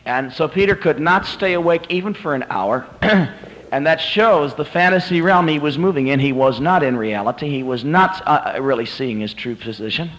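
A male preacher giving a sermon at a convention, retelling a story dramatically and swinging from hushed to climactic. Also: mid-range voice, normal speed, rough recording.

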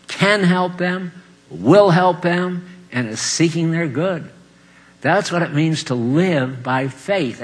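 An older man preaching a folksy sermon, chuckling often and swinging between loud emphatic lines and quiet asides. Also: a little high.

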